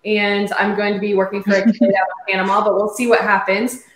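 A woman's voice: mid-range voice, monotone, fairly quick, a little hiss or hum. A young woman from Arkansas, a guest, telling her career story in an upbeat, casual way. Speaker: guest service provider. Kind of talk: casual panel chat. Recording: echoey room.

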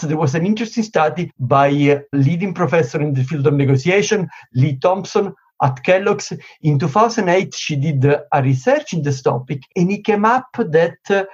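Guy, husky slightly high voice, lots of "you know", muffled lo-fi sound. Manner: explanatory, many "you know" fillers, animated emphasis. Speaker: negotiation expert guest. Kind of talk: interview answers. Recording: dull lo-fi sound.

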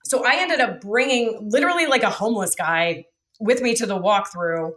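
A woman's voice: a little high, expressive, moderate pace, a bit bright. A woman guest telling stories frankly in a casual interview, with many fillers. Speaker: guest, real estate developer.

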